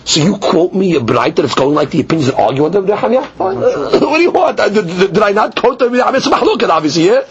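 High-pitched man, Talmud class teacher, animated debater, muffled lo-fi sound. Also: rapid-fire, few pauses, a crowd in the background. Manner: animated, acts out both sides of the argument. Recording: dull lo-fi recording.

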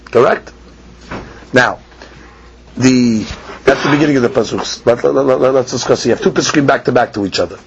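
A man teaching a Talmud lesson, chanting the text in a sing-song and then explaining it quickly, asking and answering his own questions. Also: medium pitch, gravelly, background noise. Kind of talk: Talmud lecture. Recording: dull lo-fi podcast recording with faint ambience.

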